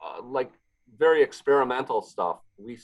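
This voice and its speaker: Man telling lively kitchen stories. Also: mid-range voice, normal speed, poor audio. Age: adult, married. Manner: animated storyteller, acts out what others said. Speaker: pizzeria owner, podcast guest. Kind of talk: casual interview chat.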